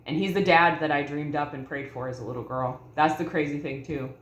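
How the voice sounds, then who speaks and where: A woman's voice: low voice, steady tone, fairly quick, a little hiss or hum. A woman in her thirties telling a personal story to her viewers in an earnest, heartfelt way, calling them y'all. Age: 30s. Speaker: vlogger. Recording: echoey room.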